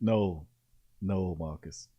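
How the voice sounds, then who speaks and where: A man hosting a casual sports talk show, reading out practice notes and reacting with animated, laughing commentary. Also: deep voice, takes it slowly, muffled recording. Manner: animated, laughing, repeating lines for emphasis.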